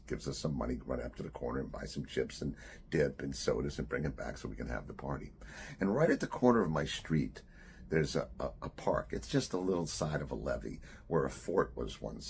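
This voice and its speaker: Very deep gravelly older man storyteller. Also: a little mellow. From New Jersey. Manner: conversational, drops to a near-whisper at grave moments. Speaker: author. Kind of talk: personal storytelling. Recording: faint background noise.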